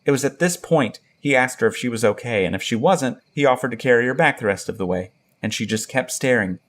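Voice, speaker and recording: A man reading a first-person horror story aloud in a steady storytelling tone. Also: medium pitch, brisk. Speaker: narrator. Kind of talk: scripted narration of a horror story.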